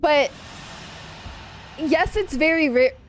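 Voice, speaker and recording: A young woman with a slightly high voice talks casually while she plays a video game on stream. She reacts out loud to the game and answers her chat as she goes, with soft game music faintly behind her. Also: slow pace. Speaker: VTuber streamer.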